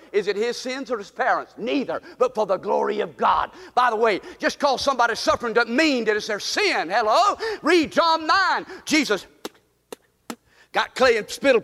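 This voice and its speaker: A man preaching a fervent sermon, often shouting and calling the congregation to repeat after him. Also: very high-pitched, creaky. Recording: long reverb in a large hall.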